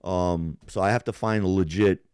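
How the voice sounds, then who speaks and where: A young man with a low voice tells his story in a loose, rambling way and swears often. The sound is dry and close, with no echo. He talks like he is chatting with a friend during a live stream. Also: steady tone, normal speed, a little mellow, clean tone. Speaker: podcast co-host. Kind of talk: casual live-stream chat.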